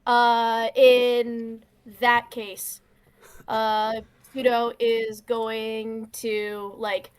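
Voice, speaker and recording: A woman talks casually as a player in a tabletop role-play game. She hesitates and leans on fillers while she works out her moves. Her voice sits a bit high. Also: little pitch movement, very slow, clear, resonant tone.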